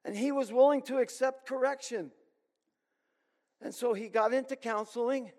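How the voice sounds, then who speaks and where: A man preaching a sermon as pastor, earnest and emphatic with deliberate pauses. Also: extremely high pitch, steady tone, darkish tone. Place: church sanctuary. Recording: long hall reverb.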